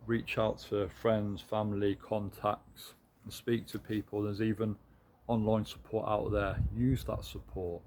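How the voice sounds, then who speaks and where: A man's voice: fairly low pitch, level tone, measured pace, darkish tone, slight background noise. A British man giving a candid, earnest and encouraging motivational talk to his viewers. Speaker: motivational vlogger.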